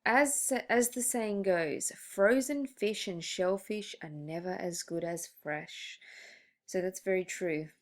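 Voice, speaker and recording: A woman's voice: medium pitch, slow pace. A young woman teaching a hospitality lesson, reading from slides in a chatty way with many ums, restarts and asides.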